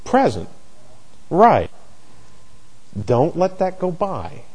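A middle-aged man teaching a Bible class in a warm, mellow voice that sits a little high for a man. He talks in halting bursts, restarting and repeating words as he searches for the right phrasing. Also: huge pitch swings, slightly rough.

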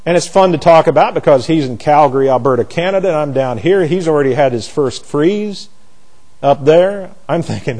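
Male Bible study teacher, mellow and a bit high-pitched, folksy, repeats himself. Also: animated, normal speed, low-quality recording. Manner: rhetorical questions, repeats and restarts phrases; chatty, folksy asides. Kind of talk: conversational class teaching.

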